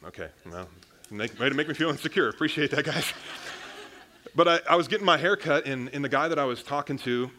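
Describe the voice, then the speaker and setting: A man's voice: on the high side, animated, brisk, sharp tone, a little hiss or hum. A young man, a pastor, preaching a sermon in a casual, conversational way, often calling the congregation "guys" and restarting his sentences.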